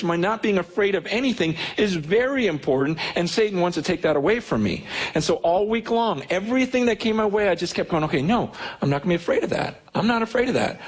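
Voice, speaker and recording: Husky pastor preaching with rising energy. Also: male voice, high voice, poor audio. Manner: slow solemn scripture reading, then animated, repeating words. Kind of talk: sermon.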